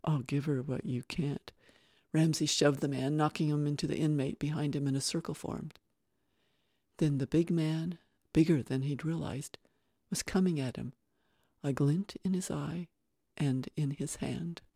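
An audiobook narrator reading a thriller in a measured, steady storytelling voice. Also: medium pitch, no echo, clean studio sound.

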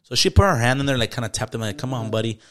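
Fast-talking man swearing through a story. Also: medium pitch, fairly even intonation, fairly bright tone. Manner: storytelling with heavy swearing and slang. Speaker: podcast co-host. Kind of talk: casual chat.

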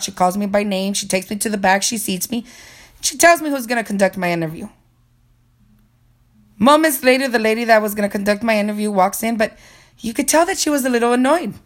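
A woman narrating a personal story in an earnest, reflective way, as a motivational speaker. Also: mid-range voice.

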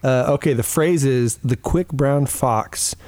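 A man's voice: mid-range voice, a little slow, a little mellow, no room sound. A man co-hosting a casual podcast, talking in a rambling, easygoing way and laughing often. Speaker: podcast co-host.

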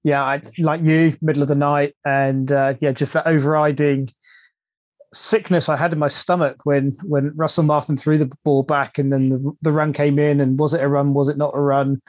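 Halting, fairly high-voiced male podcast host. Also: little pitch movement, dry recording. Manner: halting, repeats words as he starts sentences. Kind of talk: casual interview chat.

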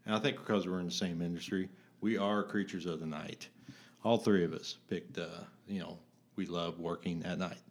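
A man's voice: deep voice, steady tone, normal speed. A man co-hosting a podcast, reading a magazine quiz aloud in a playful, joking way. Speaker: podcast co-host.

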